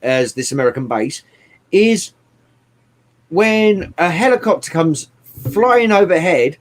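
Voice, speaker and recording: A man chatting casually about films, animated and swearing often, with bursts of mimicry. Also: sits high, slow. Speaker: podcast co-host. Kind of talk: casual movie chat.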